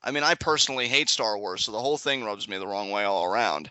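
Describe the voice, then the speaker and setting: A young man chatting excitedly as a guest in a live reaction video, laughing often and rambling through restarts. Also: fairly low pitch, quick pace, no echo, highs cut off. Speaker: guest co-commentator. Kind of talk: casual live reaction chat.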